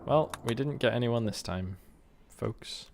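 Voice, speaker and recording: A man's voice: mid-range voice, unhurried, gravelly, noisy background. A British man chatting casually with his live-stream viewers while playing a game, rambling and joking and humming to himself between remarks. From Britain.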